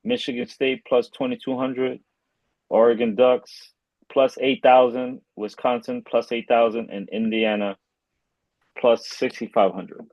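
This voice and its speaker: A man co-hosting a casual sports betting podcast, relaxed as he reads through odds. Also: mid-range voice, a little slow, no room sound. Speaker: podcast co-host. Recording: dull, muffled line.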